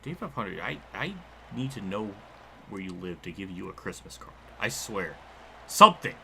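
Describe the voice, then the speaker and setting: A young man casually talking through a racing game livestream, excitable, laughing often and quick to swear. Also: low voice, vocal fry, slight background noise.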